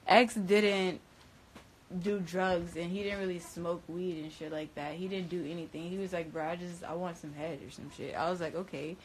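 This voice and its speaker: A young woman telling a story to her viewers in casual, slangy, profane speech, swinging between loud, high outbursts and low, quiet stretches. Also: fairly even intonation, moderate pace, a little hiss or hum, poor audio. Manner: emphatic, slangy and profane, with frequent restarts. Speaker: storyteller recounting events.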